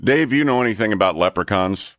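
A man's voice: lowish voice, animated, a little fast, fairly bright tone, no room sound, clean studio sound. A man on a radio show pressing his cohost with pointed questions in casual banter. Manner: probing, questioning.

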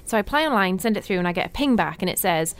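A woman on a studio radio show, recounting travel stories with animated energy and frequent laughter. Her pitch sits in a middle range, and her delivery is chatty and storytelling. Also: very fast. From Britain.

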